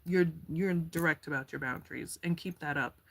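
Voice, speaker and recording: With a low voice at a moderate pace, a woman gives an easygoing tarot reading. She's talkative and slangy, quick to laugh, and prone to going off topic.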